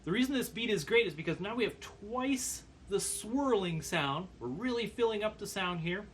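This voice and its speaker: Man teaching drum technique, slightly high voice. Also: normal speed, background noise. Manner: calm, explanatory, counts beats aloud while playing. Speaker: percussion teacher. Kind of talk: instructional demonstration.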